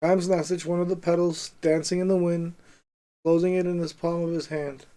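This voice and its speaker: A man reading a story aloud in a measured way, stumbling now and then over a word. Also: on the high side, little pitch movement, warm tone, low-quality recording. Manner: measured reading with small slips and asides.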